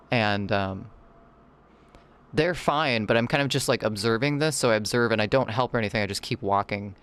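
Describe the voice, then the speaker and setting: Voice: mid-range voice, a little fast, smooth. A livestreamer, chatting casually with viewers while drawing. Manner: animated, chatty, reads and answers chat.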